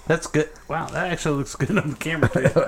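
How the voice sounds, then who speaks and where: A man's voice: on the high side, steady tone, fast talker, slightly rough. A man running the podcast desk, making short, dry remarks. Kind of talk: casual chat.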